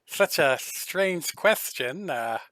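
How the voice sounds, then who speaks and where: A man's voice: a little high, expressive, takes it slowly, pushed and bright, no echo, full character voice. Man doing a flirty rambling gnome shopkeeper. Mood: nervous chatty. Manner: rambling, overly friendly, flirtatious.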